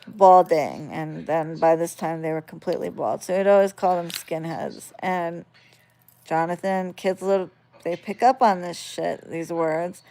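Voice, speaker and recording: A woman casually telling a story on a phone vlog, swearing freely and getting animated as she retells it. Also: on the low side, unhurried, gravelly, a little hiss or hum. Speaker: vlogger.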